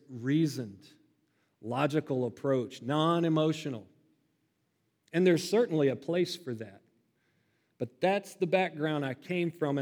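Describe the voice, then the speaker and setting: Male pastor, mid-high voice, expressive sermon delivery, reverberant sanctuary sound. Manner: expressive, builds to loud emphatic peaks. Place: church sanctuary.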